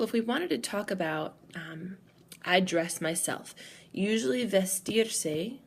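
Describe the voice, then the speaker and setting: A woman's voice: on the low side, slight background noise. A woman teacher explaining grammar patiently, step by step, in a recorded lesson. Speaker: Spanish teacher.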